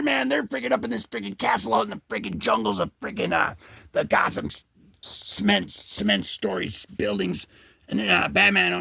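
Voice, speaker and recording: A man hosting a comic book video, rambling excitedly over the pages and slipping into goofy character voices. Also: high-pitched, creaky, breathy edge, no room sound. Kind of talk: excited comic page commentary.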